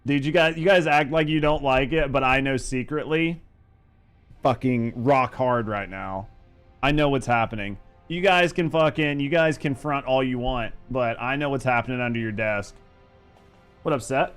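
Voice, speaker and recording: A young man hosting a game stream, his voice smooth and clear at an ordinary pitch. He swears freely and jokes crudely with his viewers in relaxed, rambling chat. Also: moderate pace, faint music behind. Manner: loose, profane, joking banter with chat. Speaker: streamer and gaming host. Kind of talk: casual live-stream chat.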